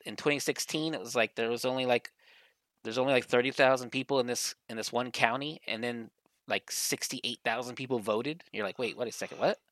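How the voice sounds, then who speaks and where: A man's voice: medium pitch, steady tone, fairly quick, fairly bright tone, dry recording. A man co-hosting a podcast in casual chat, rambling and swearing as he acts out other people's lines. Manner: rambling, profane, acts out quotes. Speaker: podcast co-host.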